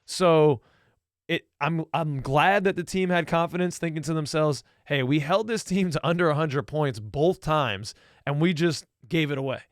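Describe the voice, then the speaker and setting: A man co-hosting a casual sports podcast, talking as an enthusiastic, excited fan. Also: fairly high pitch, moderate pace, no room sound, studio quality. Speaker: podcast co-host.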